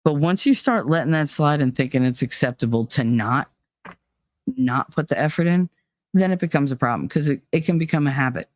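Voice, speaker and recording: A woman's voice: deep voice, lively intonation, a little fast, no echo. A woman in her thirties chatting casually on her channel at home, blunt and profane, laughing often. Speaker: channel host. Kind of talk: casual chat. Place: home room with heater.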